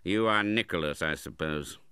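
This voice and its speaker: A man's voice: deep voice, moderate pace, pushed and bright, clear, resonant tone, no room sound, clean studio sound. A man reading the part of a cold, hard-hearted middle-aged moneylender in an audiobook, speaking curtly and sternly. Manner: curt and stern.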